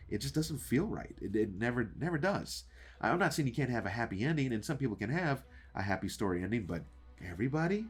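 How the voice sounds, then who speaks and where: A man with a deep, low voice rants casually to his viewers about a show. He rambles, stumbles over restarts and fills gaps with "uh" and "um". He keeps throwing questions straight at the audience. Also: slightly rough. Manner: rambling, with many fillers and restarts; talks to viewers directly, asking questions. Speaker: show reviewer and channel host. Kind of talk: casual ranting episode review.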